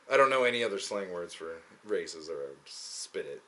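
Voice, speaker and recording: A man's voice: deep voice, sing-song, brisk, hardly any pauses, a bit bright. A young man talking in a rambling, profane, joking way, often slipping into mocking quoted voices. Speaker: podcast host. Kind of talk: casual rambling monologue.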